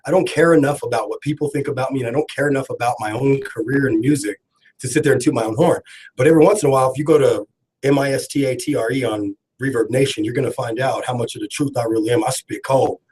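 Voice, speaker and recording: A man's voice: mid-range voice, fast talker, a little hiss or hum, poor audio. A man hosting a live radio talk show from the studio, rambling and laughing as he tells stories. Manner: rambling, laughing, animated storytelling.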